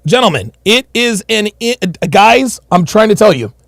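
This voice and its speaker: Animated gravelly man reacting to a clip. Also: sits high, measured pace, no room sound, clean studio sound. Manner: animated, swearing, slangy. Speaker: commentary host reacting to a clip. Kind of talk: casual reaction commentary.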